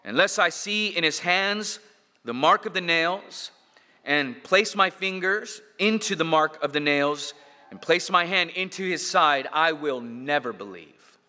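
A man preaching, voicing a stubborn, defiant apostle who refuses to believe, in a lower, flat tone. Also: unhurried, heavily acted. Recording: long hall reverb.

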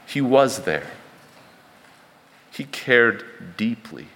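A man's voice: mid-range voice, sing-song, very slow, gravelly, fairly bright tone, long reverb tail. A man preaching a sermon in an earnest, emphatic way, building points through rhetorical repetition.

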